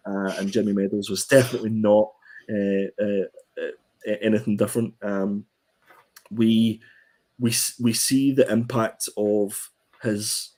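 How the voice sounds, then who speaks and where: A man with a slightly low voice talks through a comic review in a relaxed, casual way. He hesitates often, filling gaps with ums and restarting his sentences. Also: measured pace. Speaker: comic book podcast co-host.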